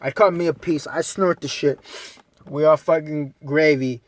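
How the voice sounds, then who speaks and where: A man's voice: on the high side, steady tone, normal speed. A young man co-hosting a podcast, rambling through a story in casual, profane talk. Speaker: podcast co-host.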